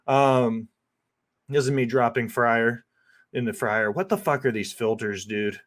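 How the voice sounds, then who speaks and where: A man's voice: mid-range voice, unhurried. Profane, rambling male chef. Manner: profane, loose and rambling with lots of fillers. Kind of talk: casual cooking voice-over.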